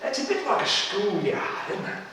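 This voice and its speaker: A man's voice: high-pitched, wildly swooping pitch, moderate pace, bright, forceful tone. A man doing a comic stage monologue. He talks to the audience in a chatty, teasing way, full of asides. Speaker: stage comedian. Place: studio. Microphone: distant microphone. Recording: echoey hall from far off, faint noise.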